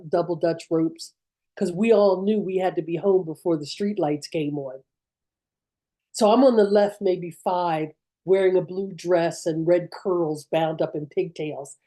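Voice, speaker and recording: A woman storyteller performing a personal memory, with vivid, measured telling and dramatic pauses. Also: lowish voice, warm tone, rough recording.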